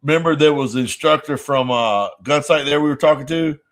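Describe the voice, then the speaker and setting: A man co-hosting a podcast, telling a rambling, animated story in casual chat. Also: fairly high pitch, brisk. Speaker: podcast co-host.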